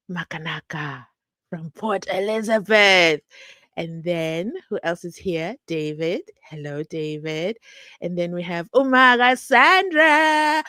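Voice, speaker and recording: A woman from South Africa runs a true crime channel and talks with her live-stream viewers in a medium-pitched voice, with no echo. Her manner is animated and chatty, punctuated by laughter and side comments.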